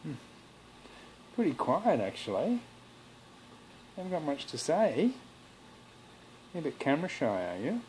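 A woman with an unusually deep voice murmurs soft, cooing baby talk to a little animal. It sounds like a casual home video recorded on a camera mic. A faint room hum sits in the background. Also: big pitch swings, a little slow, pauses often, low-quality recording. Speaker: animal carer filming a baby wombat.

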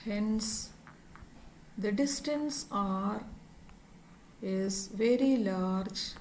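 A woman's voice: medium pitch, drawn-out words, darkish tone, a little hiss or hum, low-quality recording. A woman teaching physics, explaining a derivation step by step and spelling out each term and symbol. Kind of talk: slow, step-by-step lecture.

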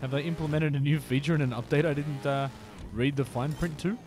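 A man streams a motorbike game, playfully teasing his viewers in casual chat and dropping into whispers now and then. His voice is on the high side with fairly even intonation and a fairly quick pace, over a noisy background.

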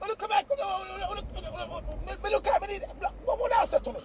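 High-pitched Jamaican man ranting loudly. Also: moderate pace, very noisy. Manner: taunting, loud and profane, bursts into shouts. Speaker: live streamer. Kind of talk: heated live-stream rant.

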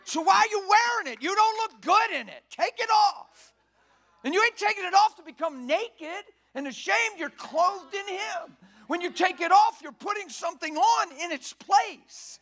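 A man preaching a sermon in a church, folksy and emphatic, often rising to a shout. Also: very high-pitched, lively intonation, normal speed.

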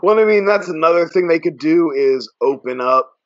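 A man with a somewhat high voice co-hosts a podcast in casual chat. He talks emphatically and swears freely. The recording has a slightly dull, lo-fi sound. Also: lively intonation, normal speed. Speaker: podcast co-host.

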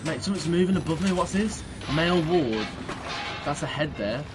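Young British male streamer, crude and jumpy, lively pitch, noisy game sound behind. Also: moderate pace. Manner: jumpy, swearing, crude jokes. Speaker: gaming streamer. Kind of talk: horror game commentary.

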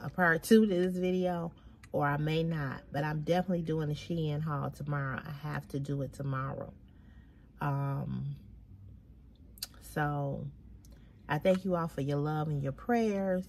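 Low-voiced woman vlogger, weary and sighing. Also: moderate pace, a little mellow, a little hiss or hum. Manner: weary, venting, with frequent heavy sighs; repeats phrases for emphasis. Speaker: fashion vlogger. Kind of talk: casual chat to camera.

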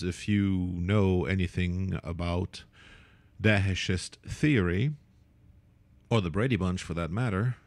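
Playful male teacher, slow and lively, dry close sound. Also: no echo. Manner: playful, self-mocking, lively pitch. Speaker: Arabic calligraphy teacher. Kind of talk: relaxed teaching with asides.

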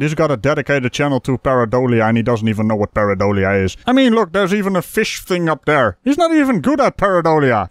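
A male host tears into a video in sarcastic commentary, chuckling scornfully as he goes. His voice sits a little high and swings widely in pitch. The sound is dry and close. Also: no room sound.

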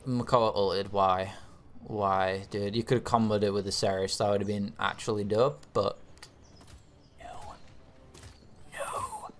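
A man's voice: fairly low pitch, unhurried, long pauses. A young man giving live commentary over his own game, swearing and urging his team on. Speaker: gamer streaming commentary.

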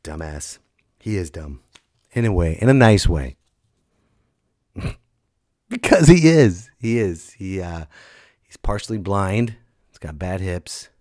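A middle-aged man hosting a comedy podcast, telling a story as an animated storyteller who jumps into loud high put-on voices, just back from being sick. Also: takes it slowly, pauses often, no room sound, studio quality.

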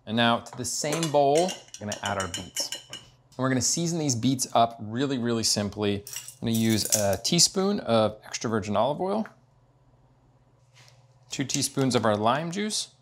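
A man, a test cook, giving an enthusiastic step-by-step cooking demonstration in a home kitchen. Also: medium pitch. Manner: enthusiastic, upbeat, step-by-step explaining.

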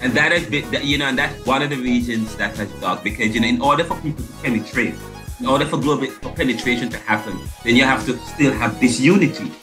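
A man's voice: mid-range voice, fast, over music. A man hosting a podcast interview, who talks emphatically and stumbles and restarts his words. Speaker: podcast host.

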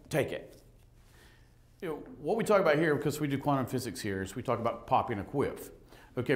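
A middle-aged male pastor preaching in church with a lively, swinging pitch. He jokes and acts out little conversations as he tells his stories. His voice sits at an ordinary middle pitch for a man. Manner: animated, joking, acts out conversations. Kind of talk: lively sermon with storytelling. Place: church sanctuary.

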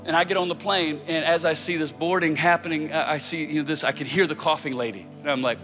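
A pastor with a high, bright voice delivers a sermon in a large hall with a long echo. He moves from relaxed storytelling into loud, fervent prayer. Faint music sits under his voice. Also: quick pace, hardly any pauses.

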